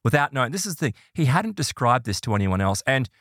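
Man, podcast storyteller, very expressive pitch, close dry sound. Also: fast, no echo. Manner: animated, voices quoted people in higher pitch. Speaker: podcast host telling a ghost story. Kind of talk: casual storytelling chat.

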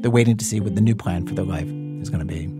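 A man's voice: sits low, fast talker, over music. A man hosting a public radio story program, in scripted narration with a conversational, dry delivery. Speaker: radio show host.

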